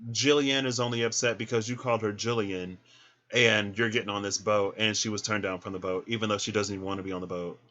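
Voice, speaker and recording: A man giving a casual tarot reading, chatty and animated, who laughs often and acts out little scenes. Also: lowish voice, fast talker, dull audio. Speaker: tarot reader.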